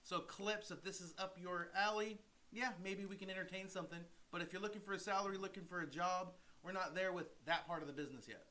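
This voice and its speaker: A man's voice: high voice, fast, pushed and bright. A man who works as a loan officer, co-hosting a casual livestream in an easygoing way and reading out viewer comments.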